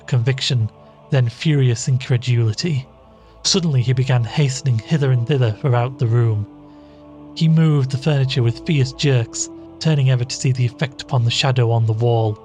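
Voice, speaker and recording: A man reading a classic ghost story aloud in a measured storytelling voice. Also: medium pitch, a little mellow. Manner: measured, voicing each character. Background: faint music.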